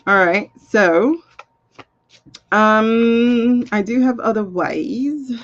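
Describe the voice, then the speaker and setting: On a muffled recording, a woman with a medium-pitched voice reads cards during a live stream. She chats casually and mutters to herself as she sorts out links.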